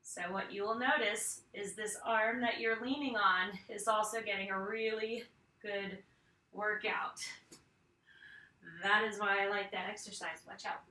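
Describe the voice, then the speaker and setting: A woman's voice: medium pitch, fairly even intonation, unhurried, sharp tone, reverberant, far from the mic. A woman fitness instructor leading a home arm workout, counting reps and cueing each move while she exercises along.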